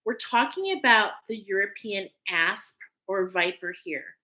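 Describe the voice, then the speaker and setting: Casting note: woman, unhurried spiritual card reader, gentle and affirming, emotions close to the surface. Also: mid-range voice, animated, poor audio. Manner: slow, soothing, affirming, openly emotional. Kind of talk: intuitive tarot-style reading to viewers.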